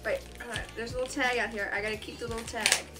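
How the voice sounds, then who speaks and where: A woman's voice: a little high, steady tone, fast, loud music behind the voice. A woman chatting casually in a home vlog, gushing and exclaiming often. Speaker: vlogger.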